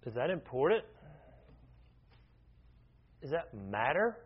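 A man's voice: medium pitch, sing-song, takes it slowly, breathy edge. A man leading an informal Bible study, talking conversationally, often restarting his sentences and asking the group questions. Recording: dull lo-fi recording.

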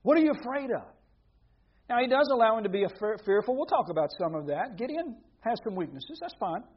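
High-voiced husky male preacher. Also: sing-song, fast, dull audio. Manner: conversational preaching, rhetorical questions, swings from hushed to emphatic. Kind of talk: sermon.

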